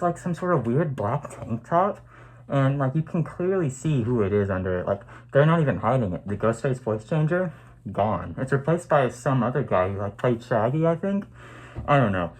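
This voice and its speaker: A man's voice: medium pitch, slight background noise, low-quality recording. A man ranting heatedly as a movie fan in a review vlog, swearing and breaking into sudden outbursts.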